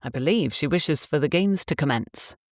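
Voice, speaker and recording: A woman voicing a courteous, roguish gentleman landowner in an audiobook, with polished speech. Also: low voice, animated, normal speed, dry recording, clean studio sound.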